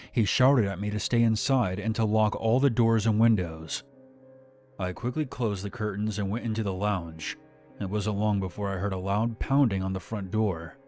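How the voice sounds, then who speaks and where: A man narrating a scripted horror story in a steady, measured way. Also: fairly low pitch.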